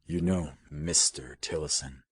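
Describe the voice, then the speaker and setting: A man plays a sadistic army lieutenant in an audiobook, speaking quietly and amiably. The voice sits extremely deep with a husky grain, dry and close. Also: animated, fairly quick, no room sound, full character voice. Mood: mild menace. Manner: mild, amiable, quietly menacing. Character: soft-spoken sadistic male army lieutenant.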